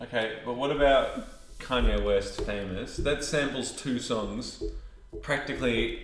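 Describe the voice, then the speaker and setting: A man's voice: medium pitch, measured pace. A young Australian man with an Australian accent, rambling and joking as a podcast host in casual chat. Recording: echoey room, faint background noise.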